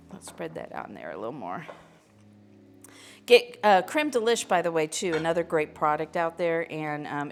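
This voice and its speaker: A fairly low-pitched woman's voice comes through with slight background noise. She's a middle-aged Missourian hosting a home-kitchen cooking stream live, talking in a meandering way packed with fillers.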